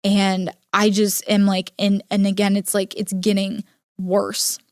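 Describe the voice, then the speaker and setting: A young adult woman hosting a podcast, telling a personal story in an earnest, halting way with many filler words. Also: mid-range voice, monotone, a little mellow, no echo, clean studio sound. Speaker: podcast host. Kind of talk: personal storytelling, casual monologue.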